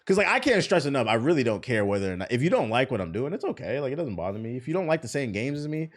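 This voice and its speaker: A man hosting a livestream, chatting casually and retelling arguments by quoting people in lively bursts. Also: medium pitch, rapid-fire. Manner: animated storytelling, quoting others. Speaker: livestream host. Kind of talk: casual stream chat.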